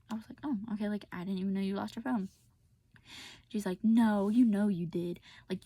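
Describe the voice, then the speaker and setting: Husky young woman venting her story. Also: medium pitch, dark tone, dry recording. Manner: casual, venting, many fillers, drops to whispers. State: tearful. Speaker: vlogger telling a personal story. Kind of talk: personal storytelling vent.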